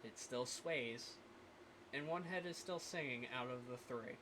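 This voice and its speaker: A man acting as game master on a live stream, thinking aloud with many pauses as he runs the scene. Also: medium pitch, noisy background.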